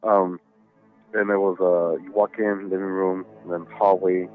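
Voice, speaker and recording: A deep-voiced man with little pitch movement tells a ghost story at a measured pace, guesting on a podcast over a tinny, phone-like connection. It's casual, profane storytelling full of fillers and rambling, with faint music behind him.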